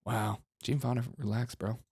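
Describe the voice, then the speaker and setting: A man's voice: mid-range voice, steady tone, moderate pace, a little mellow, slightly rough, no echo. A man hosting a comedic commentary show, mocking clips sarcastically and laughing often.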